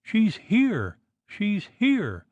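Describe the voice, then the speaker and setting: A woman's voice: huge pitch swings, drawn-out words, darkish tone, no room sound, highs cut off, heavily acted. A man voicing a terrified, frail young wife, pleading and screaming in hysterical fear. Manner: shrill, pleading, breaking into screams.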